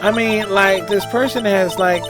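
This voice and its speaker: A man's voice: fairly even intonation, unhurried. A man voicing a ditzy, airheaded young woman witness in a video game, with a put-on Southern drawl and "like" in every sentence. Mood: flustered. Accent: American Southern (put on). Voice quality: high, drawling, says "like" constantly. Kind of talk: reading a video game aloud on a live stream. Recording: game music playing behind.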